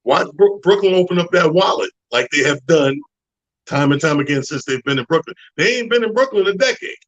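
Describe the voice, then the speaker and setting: A man's voice: fairly high pitch, brisk, highs cut off. A man joking through a casual sports debate. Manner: joking, animated. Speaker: sports panelist.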